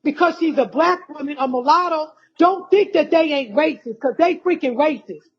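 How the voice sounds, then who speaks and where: A woman's voice: sits high, moderate pace. A woman from the United States giving a heated, accusatory monologue to her followers, repeating herself and calling out to them directly. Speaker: vlogger addressing followers. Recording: dull lo-fi recording.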